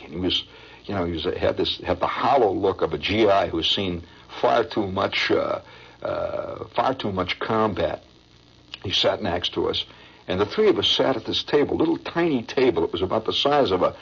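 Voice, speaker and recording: An older man from Indiana recounts a memory with a low, gravelly voice that rises and falls in lively swings. He rambles and restarts as he talks, and the lo-fi radio sound dulls his voice. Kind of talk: personal storytelling.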